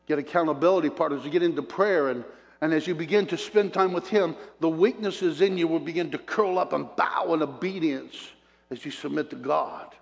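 A man's voice: on the high side, normal speed, gravelly. A man preaching a sermon, telling personal stories, chuckling between points and acting out what people said. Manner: storytelling, chuckles between points, acts out quotes. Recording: long hall reverb.

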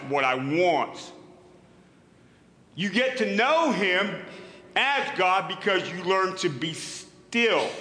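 Man, pastor, sermon, emphatic, repeats words, slightly high voice, roomy hall echo. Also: sharp tone. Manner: earnest, emphatic, repeats words as he builds a point. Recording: echoey hall with long reverb.

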